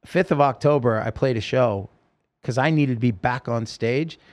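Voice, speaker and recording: A man's voice: medium pitch, normal speed. A man telling his story as a podcast guest, rambling and emotional, with many fillers. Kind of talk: casual storytelling interview.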